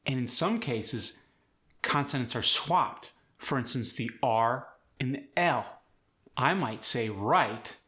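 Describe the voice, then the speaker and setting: A man hosting an accent lesson, walking through each sound clearly and cheering the viewer on. His voice sits at a middle pitch and rings bright and forceful. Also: expressive, takes it slowly. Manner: clear, demonstrative, encouraging. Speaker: accent coach. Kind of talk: accent tutorial.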